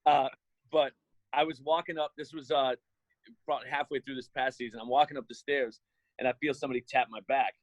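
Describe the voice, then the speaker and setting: A man who works as an arena emcee, telling an embarrassing story in a relaxed, self-mocking way on a panel. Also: medium pitch, a little fast, no room sound, muffled recording. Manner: laid-back, amused, self-mocking storyteller.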